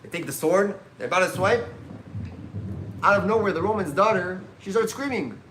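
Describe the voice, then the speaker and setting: Man, rabbi, animated storyteller, bright and tense tone, slightly high voice. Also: fairly quick, a little hiss or hum. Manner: animated storytelling, peppered with Hebrew terms. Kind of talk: teaching a religious class. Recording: echoey room.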